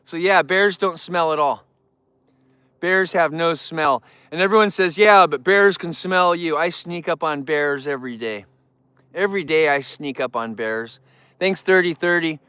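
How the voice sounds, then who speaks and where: Smooth-voiced man chatting on a live stream. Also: a little slow, dry recording. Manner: cooing baby talk to the bears, squealing high; relaxed, rambling, reads out chat names. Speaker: livestream host with bears. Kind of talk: casual livestream chat. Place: outdoors among bears.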